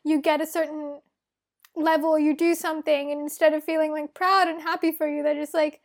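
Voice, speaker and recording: A young Australian woman co-hosts a casual podcast, talking candidly and swearing freely. Her voice is high-pitched with little pitch movement, at normal speed.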